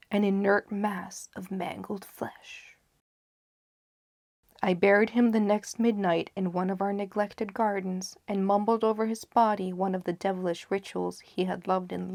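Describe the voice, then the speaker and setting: A woman narrating a gothic tale in a low, hushed voice that often drops into a half-whisper. Her pitch sits in an ordinary middle range, and the recording is close and dry with no room sound. She lingers over phrases for dramatic weight. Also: dry recording. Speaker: audiobook narrator. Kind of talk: gothic story reading.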